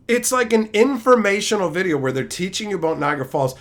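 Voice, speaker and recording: Male streamer, exasperated storyteller with a very lively, swooping pitch; profane, escalating rants. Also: fast, few pauses. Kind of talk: ranting storytelling to a live chat.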